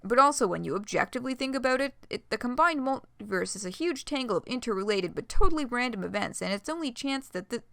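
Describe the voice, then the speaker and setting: Girl reading as chill deadpan teen guy, lazy rambling, low-key. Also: brisk, no room sound, heavily acted. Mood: laid-back.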